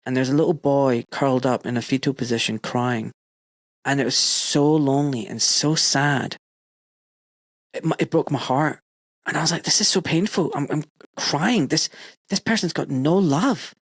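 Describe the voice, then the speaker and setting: A British podcast host in his forties tells a heartfelt story in casual chat, acting out his own quotes. His voice is medium-pitched at a normal speed, recorded dry in a booth with no room sound.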